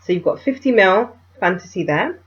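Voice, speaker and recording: A woman chatting to camera as a beauty vlogger, telling stories in an animated way and calling viewers darlings. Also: mid-range voice, moderate pace. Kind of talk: casual chat to camera. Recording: dull, muffled home video sound.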